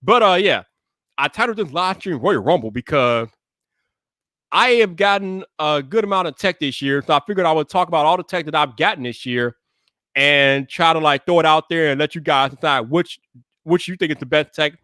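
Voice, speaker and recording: A man hosting a tech live stream in casual chat, hyping it up playfully and shouting greetings to his chat. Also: a little high, moderate pace, no room sound, clean studio sound.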